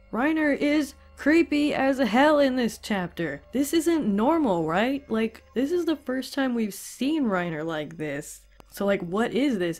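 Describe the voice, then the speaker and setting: A woman hosting a casual review, recapping animatedly with frequent laughs and swearing. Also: medium pitch. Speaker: host.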